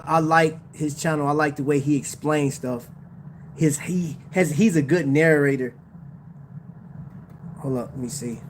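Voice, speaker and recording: A man's voice: fairly high pitch, slight background noise. A man hosting a casual livestream about watches, talking in slang, laughing often and addressing his chat. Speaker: watch channel host.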